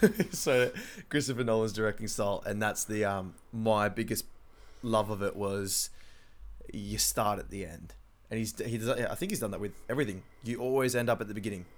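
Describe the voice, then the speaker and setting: Low-voiced Australian man co-hosting. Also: fairly even intonation, fairly quick. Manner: chatty, steers the talk, laughs often. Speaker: podcast co-host. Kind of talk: casual film-review chat.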